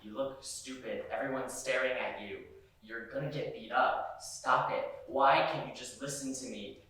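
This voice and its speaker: A man's voice: mid-range voice, fairly even intonation, normal speed, pushed and bright, pitched below the performer's own voice, lightly acted. A young man playing a frightened, protective boyfriend in a monologue, urgent and pleading. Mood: scornful. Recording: very echoey room, mic far off.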